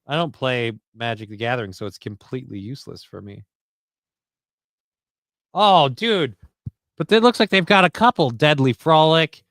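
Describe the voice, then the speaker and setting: A man hosts a loose, jokey livestream, cursing freely as he reads comments and card text aloud. His voice is smooth and clear, at a middle pitch. The sound is dry and close. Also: expressive, normal speed, long pauses, fairly bright tone, no room sound. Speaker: livestream host. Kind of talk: casual livestream chat.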